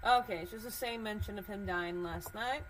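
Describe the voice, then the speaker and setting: A woman's voice: mid-range voice, moderate pace, a little hiss or hum, rough recording. A woman podcast host in casual commentary, thinking aloud as she searches documents, curious and suspicious, with many fillers.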